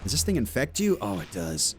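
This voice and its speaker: Animated, foul-mouthed male game streamer. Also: fairly low pitch, fairly quick, faint music behind. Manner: loose, profane banter with chat, sudden loud outbursts. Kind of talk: casual live-stream chat while playing a game.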